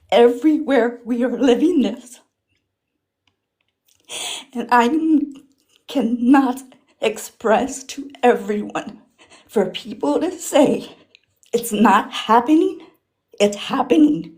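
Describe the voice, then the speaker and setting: An emotional Latina woman from South Texas speaks slowly and deliberately, her slightly high voice straining as her anger builds. She tells what she has lived through, passionate and unfiltered, with swearing. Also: a little mellow. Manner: impassioned, swearing, rising in anger. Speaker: caller sharing experience. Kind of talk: emotional personal testimony.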